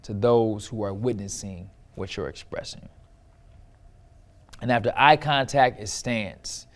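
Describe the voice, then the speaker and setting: A middle-aged man teaching how to write and perform a personal story, with expressive shifts in loudness and pitch and repetition for emphasis. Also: unhurried. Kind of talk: instructional talk to camera.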